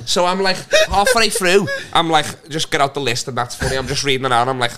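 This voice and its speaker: A man's voice: on the high side, fast, hardly any pauses, crowd noise. A man, a comedian guest on a podcast, telling a rambling, profane anecdote with lots of restarts. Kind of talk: casual podcast storytelling.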